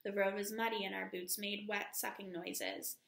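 A woman teacher reading a novel aloud to her class at a steady pace, calling out each page number. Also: mid-range voice, normal speed, creaky, echoey room.

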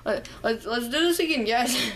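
A woman's voice: on the high side, expressive, moderate pace, a crowd in the background. A young woman casually commenting while playing a video game, rambling and joking with herself. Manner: chatty, rambling, breaks into humming and singing. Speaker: gameplay commentator.

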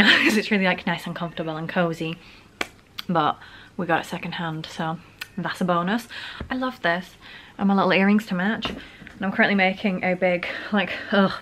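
At home, a young Northern English vlogger chats casually through a gift haul, gushing and giggling now and then, recorded on a camera on a stand. Her fairly low, fairly bright voice moves briskly over slight background noise.

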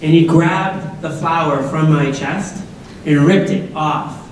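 A man's voice: a little high, slow pace, slight background noise. A middle-aged man from Massachusetts gives a conversational personal story at a school assembly, asking the audience questions and making jokey asides. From Massachusetts, USA. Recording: very echoey hall, voice from far off.

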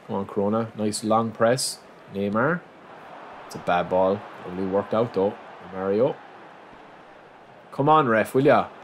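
A man giving excitable live commentary on his own football video game, reacting aloud and calling his viewers lads. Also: on the low side, measured pace, long pauses. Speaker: gaming channel host. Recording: noisy game sound mix.

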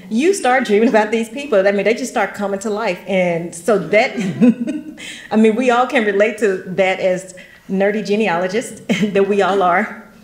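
Speaking a little slowly in a mid-range voice, this middle-aged West Tennessee woman delivers a conversational genealogy workshop talk. She adds homespun asides and laughs often, and the room echoes noticeably.

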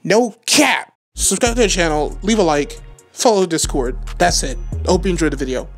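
Excitable trash-talking female gamer. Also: fairly low pitch, normal speed, soft background music. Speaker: gaming channel host. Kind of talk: live gameplay commentary.

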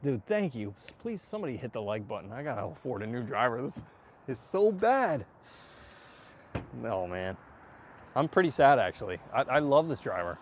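A man chatting casually to viewers while hitting golf balls, excitable and self-mocking, swearing often and breaking into loud outbursts. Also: mid-range voice, fairly quick, a little hiss or hum. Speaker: golf vlogger. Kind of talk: casual range-session chat to viewers.

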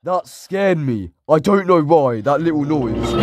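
A man's voice: on the high side, animated, measured pace, over music. A man giving let's play commentary on a horror game, jumpy, shrieking at scares and taunting the enemies. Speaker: gaming YouTuber.

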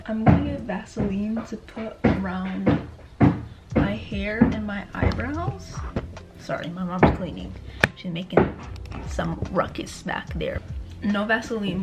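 A young woman chatting casually to camera at home, playful and self-deprecating. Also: mid-range voice. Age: young adult. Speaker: vlogger. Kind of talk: casual vlog chat. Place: at home indoors.

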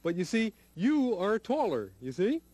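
A man's voice: high voice, very animated, unhurried, a little mellow, heavily acted. A man voicing a cheerful, playful young male puppet who explains things chirpily.

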